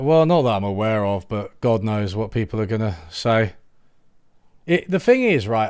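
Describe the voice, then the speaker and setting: Talking casually to a live-stream audience, a young YouTube channel host keeps up a sarcastic, laughing tone and trails off into restarts. His voice sits at an ordinary middle pitch with a darkish, clean tone. The recording is close and dry, free of room sound.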